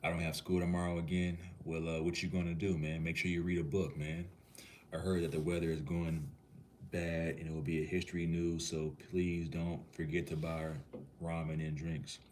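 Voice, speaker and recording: A man's voice: low-pitched, little pitch movement, moderate pace, darkish tone, slight background noise. A man from Minneapolis, Minnesota, chatting casually on a livestream and answering viewers' comments in a laid-back, easygoing way. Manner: laid-back, easygoing, talks to the chat like a cool uncle.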